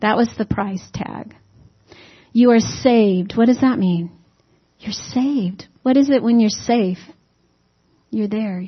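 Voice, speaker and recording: A woman's voice: on the high side, slow pace, slightly rough. Chatty woman preaching a homey sermon. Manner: conversational, asks the congregation rhetorical questions; folksy humorous asides. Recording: dull lo-fi recording.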